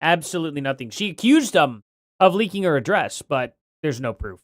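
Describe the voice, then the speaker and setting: Lively chatty man, slightly slurred. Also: fairly high pitch, fairly quick, dry recording, clean studio sound. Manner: chatty, reads donations aloud, apologetic. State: slightly slurred from a bitten tongue. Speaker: livestream host. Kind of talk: casual livestream chat.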